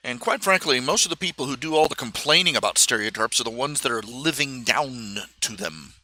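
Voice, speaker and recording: A man hosting a live stream, talking in a casual, halting monologue full of fillers and restarts. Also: medium pitch, animated, sharp tone. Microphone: streaming microphone.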